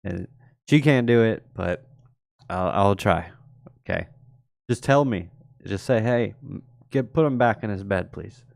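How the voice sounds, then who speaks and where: A man's voice: lowish voice, unhurried, creaky, long pauses, dry recording, studio quality. A young man hosting a live stream, chatting casually and rambling, laughing often as he talks. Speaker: host.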